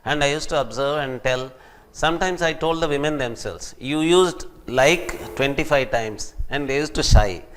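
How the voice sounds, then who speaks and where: A middle-aged man giving an academic lecture, animated, acting out the people he quotes. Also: medium pitch, moderate pace, clean tone. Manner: animated, acts out quoted speakers.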